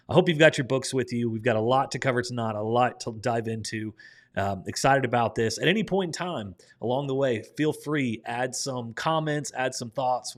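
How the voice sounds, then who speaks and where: A young man with a Midwestern American accent leads a live-streamed Bible study. He talks in a chatty, upbeat way, with plenty of ums and uhs and a voice in the middle of the male range. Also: medium pitch. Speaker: Bible class teacher.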